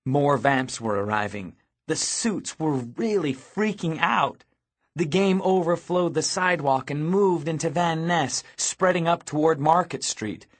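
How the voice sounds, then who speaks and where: A man narrating a first-person audiobook in a lively reading voice, raising his voice for shouted cries in the story. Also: a little high, measured pace.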